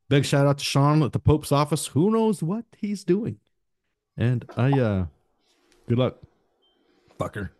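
Man, podcast host, casual chat, swears a lot, lively swinging pitch, dry close sound. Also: no room sound. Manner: profane, rambling shout-outs.

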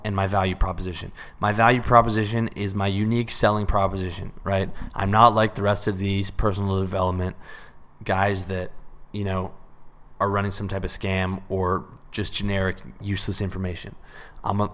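A man giving a casual spoken lesson on sales pitching, talking bluntly and conversationally and swearing freely. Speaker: sales and self-improvement coach.

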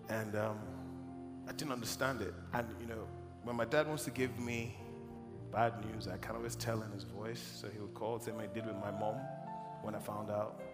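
A man from Nigeria preaching, telling a personal testimony as an emotional, animated storyteller in a large church hall. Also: lowish voice. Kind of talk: sermon storytelling. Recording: echoey hall with music.

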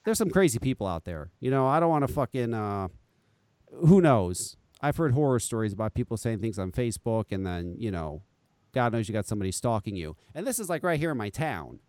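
A man's voice: medium pitch, very animated, brisk, darkish tone, dry recording. A man in his forties hosting a podcast, ranting in a profane, exasperated way in talk-radio commentary. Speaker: podcast host.

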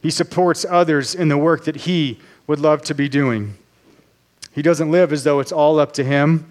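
A man preaching a sermon as pastor, earnest and measured, slowing down on key phrases. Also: fairly high pitch, steady tone.

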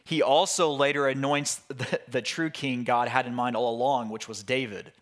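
A man, a pastor, teaching through a Bible passage in a relaxed, conversational way with frequent restarts and asides. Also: mid-range voice, moderate pace.

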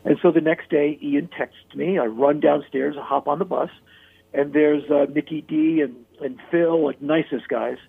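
A man's voice: on the high side, steady tone, moderate pace, vocal fry, slightly rough. A man telling a story in a casual interview, talking animatedly with many "like" and "you know" fillers. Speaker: interview guest. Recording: phone-like narrow-band audio.

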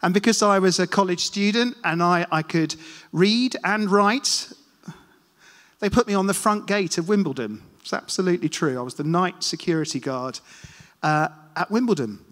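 In a church hall with long reverb, a man gives a casual sermon full of self-deprecating stories and questions for the congregation. His voice is high-pitched and a bit bright, at normal speed, and his manner is chatty.

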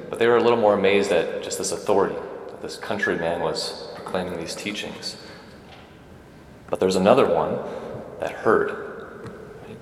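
Deep-voiced priest in an echoey church. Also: male voice, slight background noise. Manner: conversational, asks the congregation "right?" often. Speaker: Catholic priest. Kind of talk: homily at Mass.

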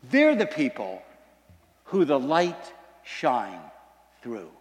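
A man preaching a sermon, telling a story with dramatic swings from loud to hushed. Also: medium pitch, huge pitch swings, very slow. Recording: long reverb in a large hall.

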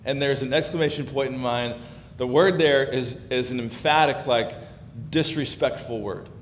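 A man giving a sermon as pastor, talking conversationally and building in emphasis. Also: normal speed. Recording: echoey hall with faint background rumble.

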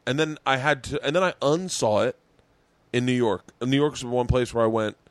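Podcast host guy, tells stories, does little voices for people, mid pitch, dry room. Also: brisk, dry recording. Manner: animated storytelling, acting out other people's lines. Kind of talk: casual chat.

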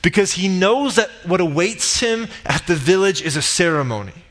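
A man delivering a sermon, retelling a parable with dramatic build-ups and loud quoted cries. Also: high-pitched, expressive, moderate pace. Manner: dramatic retelling, rising to shouts in quoted lines. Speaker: pastor. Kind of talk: sermon storytelling. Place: church sanctuary.

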